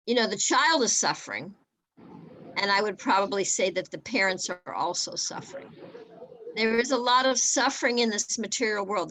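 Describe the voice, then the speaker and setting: A woman's voice: medium pitch, a bit bright. A woman speaking as a guest at a webinar, earnest and repeating words as she restarts her sentences. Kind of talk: webinar talk.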